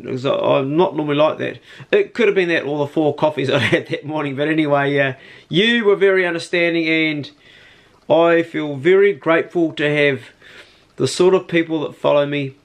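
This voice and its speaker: A man's voice: fairly high pitch, vocal fry. A man, chatting casually and slangily in his hunting vlog, first out on a farm and then indoors. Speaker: hunting vlogger.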